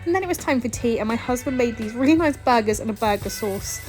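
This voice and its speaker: A British woman chats to camera in a relaxed home vlog, her voice sitting a little on the high side. She is cheerful and talkative, often laughing as she goes, with soft music playing faintly underneath. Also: quick pace, low-quality recording. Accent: British English. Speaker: vlogger, homemaker. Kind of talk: casual vlog chat. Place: home kitchen.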